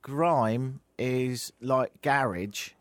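A middle-aged radio host in casual talk, dry and self-mocking, with a rambling delivery. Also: male voice, medium pitch, drawn-out words, no echo. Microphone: studio mic.

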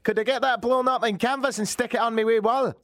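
A man's voice: extremely high pitch, steady tone, quick pace, fairly bright tone, no room sound, clean studio sound, pitched above the performer's own voice. A radio host putting on a chirpy Scottish man's voice in a playful ad read, in a jaunty, folksy manner. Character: Scottish man chatting up a canvas print shop.

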